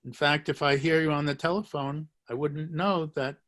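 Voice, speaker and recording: A man's voice: a little high, steady tone, normal speed, a bit bright. A man teaching a live online language lesson, joking, encouraging and repeating phrases for his students. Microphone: video call.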